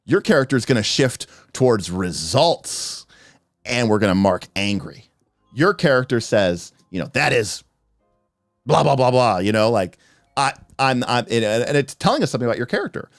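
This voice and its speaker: A man hosting a livestream, talking about tabletop role-playing games as a game master and acting out players' lines in quick asides. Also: mid-range voice, very animated, no echo, studio quality, soft background music. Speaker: game master and podcast host.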